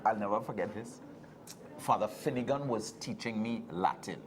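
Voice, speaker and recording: A man with a Trinidadian accent, co-hosting a church talk show as a deacon and telling lively stories with frequent laughter. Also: on the low side, moderate pace, background noise. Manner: lively storyteller, laughs often. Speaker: deacon co-host. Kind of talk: casual chat.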